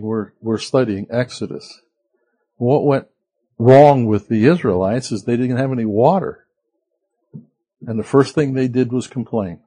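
A man's voice: mid-range voice, mellow, breathy edge. A man preaching a conversational sermon as pastor, asking the listeners rhetorical questions.

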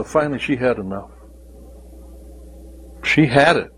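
A man's voice: mid-range voice, lively intonation, unhurried, long pauses, slightly rough, low-quality recording. A man preaching a devotional sermon, speaking in an emphatic way and repeating key phrases.

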